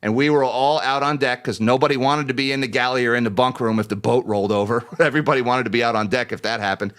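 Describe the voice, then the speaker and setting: A man's voice: medium pitch, fast talker, a bit bright. A man hosting a finance livestream, chatting casually, joking and laughing often as he thanks viewers by name and reads market numbers.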